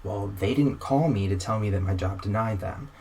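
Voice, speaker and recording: Low-voiced young man telling a story. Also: normal speed, a little hiss or hum. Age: young adult. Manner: animated, acts out dialogue in quotes. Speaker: podcast guest. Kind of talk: casual storytelling.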